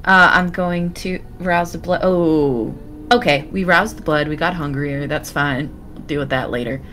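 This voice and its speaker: A woman player in a tabletop game, chatty and animated, swearing freely. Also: sits low, measured pace. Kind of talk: casual tabletop game play.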